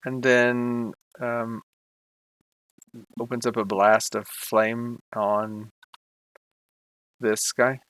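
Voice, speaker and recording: A man narrates a tabletop role-playing session as game master, pausing often with fillers. His voice is bright and a touch tense, his pace slow and halting, and the recording is close and dry. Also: mid-range voice, flat delivery, clean tone, no room sound, rough recording. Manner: hesitant, many fillers.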